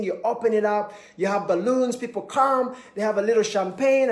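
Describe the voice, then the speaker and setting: In an echoey room, a motivational speaker talks fast with a high voice and barely pauses. He's emphatic, hammering key points again and again and acting out little scenes.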